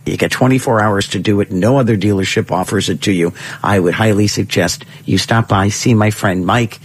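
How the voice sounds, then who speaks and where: A man's voice: fairly low pitch, moderate pace, slightly rough. A male radio host doing a chatty, upbeat live ad read from the studio, with filler uhs.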